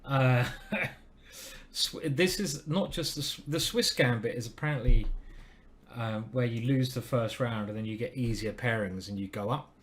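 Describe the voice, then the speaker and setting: A man's voice: mid-range voice, measured pace. A man streaming live, commenting on his chess games and chatting to viewers with self-deprecating asides.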